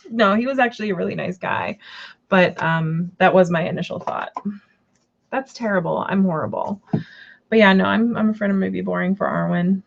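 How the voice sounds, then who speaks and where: A woman's voice: medium pitch, fairly quick, gravelly, muffled recording. A woman chatting casually on a live stream, rambling with many fillers and restarts. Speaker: tarot reader and shop owner.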